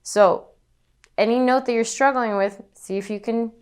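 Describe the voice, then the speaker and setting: Woman teaching singing, smooth clear voice. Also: fairly high pitch, fairly even intonation, normal speed, a little mellow. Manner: instructive, demonstrates breathing and panted notes. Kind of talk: vocal lesson demonstration.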